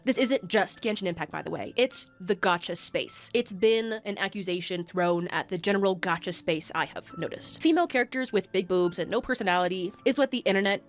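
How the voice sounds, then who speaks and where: A woman narrating a scripted video essay in a chatty, sarcastic way, laughing at her own asides. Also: medium pitch.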